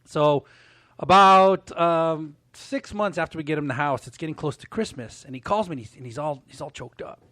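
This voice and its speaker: A man's voice: fairly high pitch, moderate pace, bright, forceful tone, no room sound. Earnest middle-aged man telling a story. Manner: earnest, repeats words, acts out callers in quotes. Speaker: podcast co-host, mortgage loan officer. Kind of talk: casual storytelling chat.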